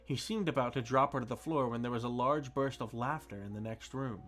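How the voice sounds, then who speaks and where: A man reading a storybook aloud on a stream, steady with occasional restarts. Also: medium pitch, a little fast. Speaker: streamer reading books to chat. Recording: faint music behind.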